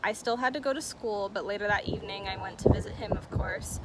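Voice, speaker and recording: A woman's voice: mid-range voice, fast talker, heavy background noise. A young woman telling a personal story-time on her vlog, bubbly and giggly, often saying "like" and "oh my gosh". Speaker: vlogger.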